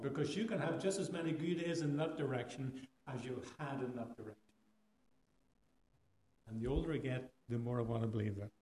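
A man's voice: medium pitch, fairly quick, a little mellow. A man with an Irish accent preaching a sermon in a conversational way, asking his listeners rhetorical questions.

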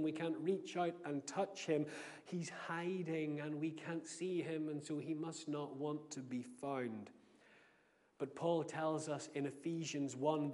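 Preacher in a reverberant church. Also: male voice, fairly high pitch, a little mellow. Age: adult with a young son. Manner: earnest storytelling preacher. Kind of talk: sermon. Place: church sanctuary. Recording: long reverb of a church hall.

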